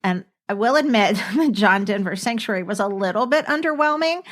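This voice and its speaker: A woman hosts a chatty podcast and tells her stories with bubbling enthusiasm and frequent laughs. Her voice sits at an ordinary middle pitch for a woman. She talks in a relaxed, conversational way to her co-hosts. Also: fairly quick. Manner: animated storyteller, laughing often. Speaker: podcast host. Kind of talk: casual chat.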